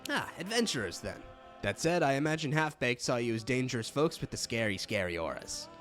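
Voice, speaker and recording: A man's voice: mid-range voice, sing-song, fairly quick, fairly bright tone, faint music behind. A man putting on a hearty Scottish herder. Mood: easygoing. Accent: put-on Scottish. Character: friendly rough-spoken male alpaca herder.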